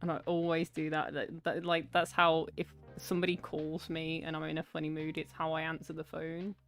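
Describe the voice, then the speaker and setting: A woman's voice: low-pitched, flat delivery, brisk, vocal fry, faint music behind. Chatty woman on an art stream. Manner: chatty and self-mocking, giggly. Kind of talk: casual chat while drawing on a livestream.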